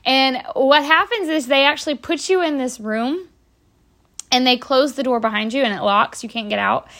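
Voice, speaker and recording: A woman's voice: fairly high pitch, fairly bright tone. Chatty woman telling stories. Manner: rambling, chatty, many fillers and restarts. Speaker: podcast host. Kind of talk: casual storytelling.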